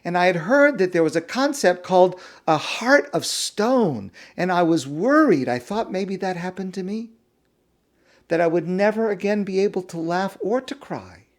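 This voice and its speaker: A man's voice: sits high, expressive, normal speed, voice pushed up. A man voicing an earnest, heartfelt sixteen-year-old boy within a story he is telling, speaking with rising emphasis.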